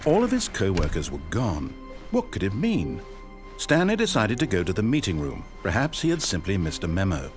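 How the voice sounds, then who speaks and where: A man's voice: deep voice, huge pitch swings, moderate pace, music in the background. An actor playing a theatrical, wry male narrator in a video game, with a dry storybook delivery. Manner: swings from grand to panicked. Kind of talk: scripted narration.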